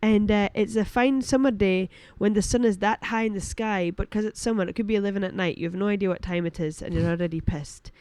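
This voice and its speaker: A woman's voice: medium pitch, fast talker, few pauses, darkish tone, smooth, no echo. A woman, a comedian guest rambling through an improvised comic story and mocking herself with giggles. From Shetland.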